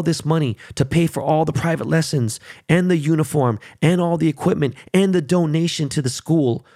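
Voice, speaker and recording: A man's voice: a little high, moderate pace, few pauses, warm tone, no echo, clean studio sound. A man in his thirties telling viewers a heated story about his son, swearing and repeating himself. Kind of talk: casual monologue to viewers.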